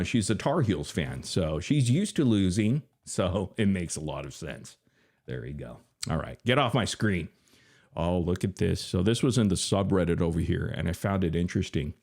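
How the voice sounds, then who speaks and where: Deep-voiced guy hosting a live stream, trash-talking and bragging, keeps laughing. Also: expressive, normal speed, a little mellow. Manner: mocking and boastful, laughing often. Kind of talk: casual live-stream commentary.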